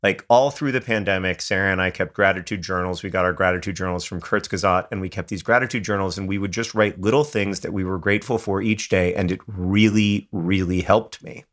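A man's voice: deep voice, fairly even intonation, a little fast, hardly any pauses, fairly bright tone. A man co-hosting a podcast, talking in a casual, earnest and self-deprecating way, often restarting his sentences. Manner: thoughtful, earnest, self-deprecating, with false starts. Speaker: podcast co-host. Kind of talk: casual chat.

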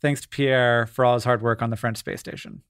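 A man's voice: mid-range voice, fairly even intonation, fairly quick, a bit bright, clean tone. A middle-aged man co-hosting a podcast, chatting casually in a rambling, self-deprecating way and doing the ad reads. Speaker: podcast co-host.

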